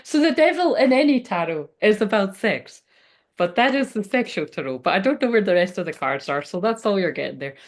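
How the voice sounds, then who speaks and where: A woman's voice: mid-range voice, very animated, a little fast. A woman giving a rambling, casual tarot reading to camera at home, swearing now and then. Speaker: tarot reader. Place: indoors at home by a window.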